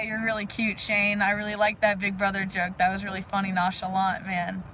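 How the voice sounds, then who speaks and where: A woman hosting a casual live stream outdoors, talking energetically and rambling to her viewers with lots of fillers and sudden loud bursts. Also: mid-range voice, a little slow, a little hiss or hum, low-quality recording. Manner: frequent "like" fillers. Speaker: livestream host. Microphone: phone live stream.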